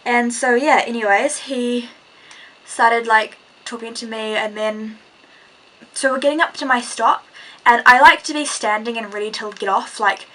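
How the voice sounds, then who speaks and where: A woman's voice: fairly high pitch, fairly even intonation, measured pace, bright, forceful tone, poor audio. A teenage girl with a New Zealand accent, chatty and rambling as she tells a story to her vlog viewers. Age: teens. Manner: chatty, rambling, lots of "like" and "and stuff". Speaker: vlogger.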